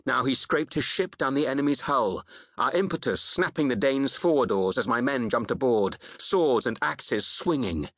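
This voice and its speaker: A man reading a historical novel as a dramatic first-person audiobook narration, in a measured storytelling manner that slows on reflective passages. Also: mid-range voice, expressive, a bit bright, no room sound, studio quality.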